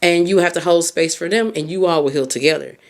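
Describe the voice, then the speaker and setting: Earnest woman podcast host giving advice. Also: quick pace. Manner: earnest, speaks straight to the listener; expressive pitch swings on emphasis. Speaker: podcast host and mindset coach. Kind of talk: heartfelt advice monologue.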